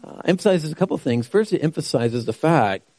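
A man's voice: a little high, animated, a little fast, mellow, dry recording. A man preaching a sermon who asks rhetorical questions and repeats key phrases for emphasis. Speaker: pastor.

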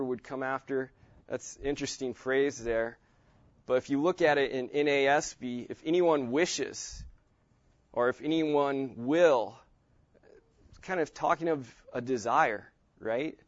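Man slowly stressing words of Scripture. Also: mid-range voice, fairly even intonation, no room sound, muffled recording. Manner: reads slowly, stressing single words, thinking aloud. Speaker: Bible teacher. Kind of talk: teaching on Scripture meditation.

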